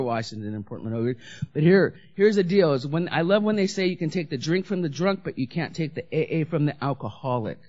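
A woman candidly telling her story of drinking and recovery, blunt and profane, acting out the people she quotes. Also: deep voice. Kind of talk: candid personal recovery talk. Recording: dull lo-fi recording.

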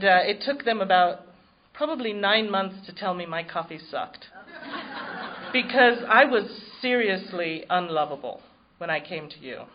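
A woman's voice: fairly low pitch, muffled recording, slight background noise. A woman giving personal testimony at a recovery meeting, telling her story in a wry, self-mocking way.

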